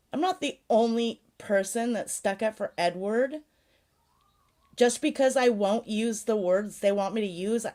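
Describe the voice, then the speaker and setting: A woman hosting a casual live chat, ranting sarcastically, swearing often and laughing a lot. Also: mid-range voice. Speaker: livestream host.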